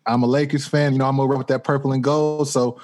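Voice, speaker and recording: A man's voice: medium pitch, level tone, quick pace, music in the background. A man co-hosting a casual podcast as its producer, playful and chatty, teasing in friendly banter. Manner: playful, chatty sports fan. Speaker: executive producer and co-host. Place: downtown studio.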